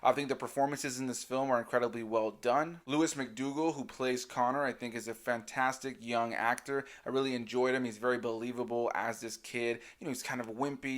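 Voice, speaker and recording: A man hosting a movie review channel, earnest and measured in casual chat. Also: medium pitch.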